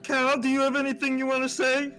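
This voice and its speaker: A man's voice: very high-pitched, monotone, fast talker, pushed and bright, faint music behind. A man at a tabletop game, chatting in a teasing, playful way. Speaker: player. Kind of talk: casual game chat.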